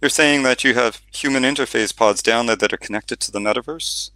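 A man's voice: medium pitch, brisk, pushed and bright, no room sound, lightly acted. A man reading the lines of a bubbly, joking young woman in an audiobook. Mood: playful. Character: lively young woman, playful and hungry.

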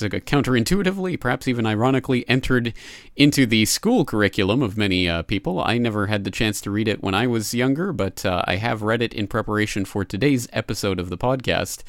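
A man hosting a podcast, speaking in a measured way with frequent hesitations. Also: on the low side, lively intonation, no room sound, studio quality. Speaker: podcast host. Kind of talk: podcast monologue about a book.

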